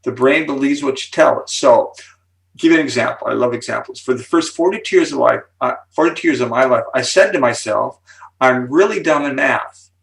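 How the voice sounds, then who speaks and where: A gravelly-voiced man in his seventies explains with animated enthusiasm, building suspense before each key point like a seasoned speaker. His voice sits a little back from the microphone. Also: mid-range voice, fairly quick, far from the mic, low-quality recording. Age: 70s. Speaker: psychology speaker and author, interview guest.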